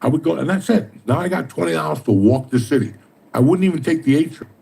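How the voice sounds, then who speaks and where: A man's voice: fairly high pitch, quick pace, creaky, mellow, slightly rough. A middle-aged man, telling profane, streetwise stories in casual chat. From New Jersey. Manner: streetwise, swears constantly, tells stories with mimicked dialogue.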